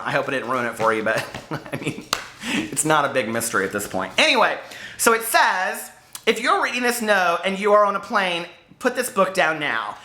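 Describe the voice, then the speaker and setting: With a sharp, somewhat high voice, this American man vlogs about books to camera, casually chatting through an unboxing. He rambles and throws in plenty of asides, and the recording has an echoey room sound.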